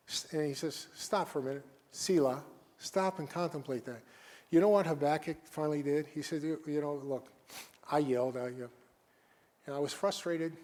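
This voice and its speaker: A man preaching as a guest at a live-streamed church service. He reads scripture slowly and with weight, then talks casually with the congregation. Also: on the high side, darkish tone. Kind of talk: sermon.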